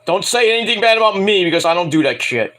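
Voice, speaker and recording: A man's voice: sits high, lively intonation, fast, sharp tone. A man reviewing a wrestling show at home in a casual, rambling rant, profane and mocking, often acting out quotes.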